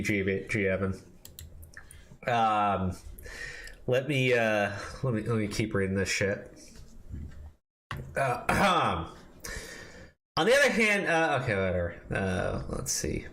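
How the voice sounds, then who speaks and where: A man's voice: fairly low pitch, animated, a little slow, long pauses, a bit bright, rough recording. A man hosting a commentary show, reading a post aloud with mocking emphasis, swearing and laughing asides.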